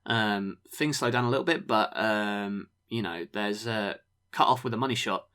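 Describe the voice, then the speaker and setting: A man co-hosting a podcast, recapping wrestling matches in a relaxed way, full of ums. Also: on the low side, moderate pace, clean tone. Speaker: podcast co-host. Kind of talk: casual review chat.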